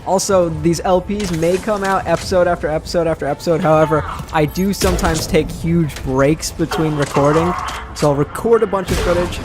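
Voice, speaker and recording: A man with a slightly high, steady voice talks a little fast as he plays a video game, chatting casually and poking fun at himself. He's a let's play host, and the game's music and sound effects run behind him.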